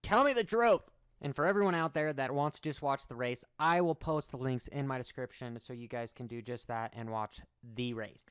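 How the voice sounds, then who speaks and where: A middle-aged man talks in a sarcastic, animated vlog, rambling from one point to the next as a motocross racer. His voice is smooth and clear. The sound is dry and close. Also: mid-range voice, a little fast, hardly any pauses, no room sound.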